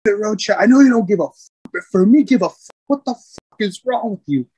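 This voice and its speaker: A man putting on a livid Marine gunnery sergeant who curses and barks, voice shoved well up into a higher, strained register and punched out loud. The sound is close and dry. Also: lively intonation, fairly quick, husky, no room sound. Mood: furious.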